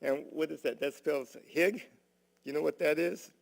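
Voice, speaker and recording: A man giving a gentle, folksy Dharma talk in a temple, telling a story with many "uh"s and "you know"s. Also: fairly high pitch, fairly even intonation, moderate pace, creaky. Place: temple hall.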